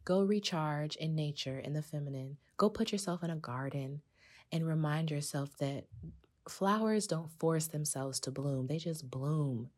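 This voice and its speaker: Low-pitched lady podcaster chatting to her listeners, lively and conversational. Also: measured pace. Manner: animated, conversational, addresses listeners as sis. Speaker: podcast host. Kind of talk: casual podcast monologue.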